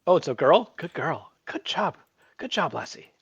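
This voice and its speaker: A man plays a cheerful Irish adventurer in a tabletop game, doting and warmly approving. The voice sits a little high. The recording is dull and lo-fi. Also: sing-song, normal speed, gravelly, breathy edge, dry recording, exaggerated voice. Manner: fond, doting. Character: cheerful male adventurer praising a dog. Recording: dull lo-fi mic.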